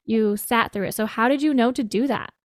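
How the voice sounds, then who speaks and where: A woman's voice: fairly high pitch, brisk, dry recording, clean studio sound. A woman hosting an interview podcast, responding with effusive, empathetic reflections and questions. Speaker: podcast host. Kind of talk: interview conversation.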